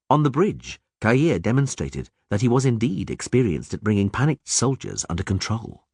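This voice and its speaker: A man reads an audiobook aloud with a husky voice. His pitch swings widely as he dramatizes the story. The sound is dry and close. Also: normal speed, hardly any pauses, dry recording. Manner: lively dramatic reading. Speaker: audiobook reader. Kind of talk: audiobook narration.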